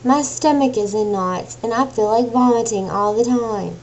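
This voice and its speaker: A woman's voice: on the high side, normal speed, darkish tone, slight background noise, poor audio. A young adult woman venting in an emotional personal rant, agitated and exasperated, swearing now and then. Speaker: vlogger.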